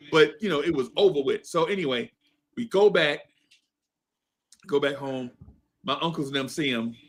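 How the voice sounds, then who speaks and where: A man's voice: a little high, pushed and bright. A man in his fifties telling a story in a laid-back podcast chat, laughing often and asking "right?" after his points. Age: 50s. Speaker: podcast co-host. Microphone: streamed podcast mic.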